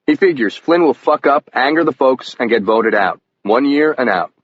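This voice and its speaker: A man giving scripted first-person audiobook narration in an even, measured storytelling manner. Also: medium pitch. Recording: muffled lo-fi audio with faint hiss.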